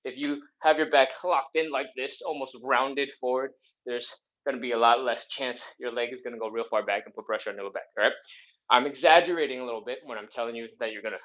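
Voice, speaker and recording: A man's voice: medium pitch, steady tone, quick pace, muffled recording. A man leading a live follow-along flexibility workout, counting reps with upbeat cues and joking asides, a little out of breath as he exercises. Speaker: flexibility instructor.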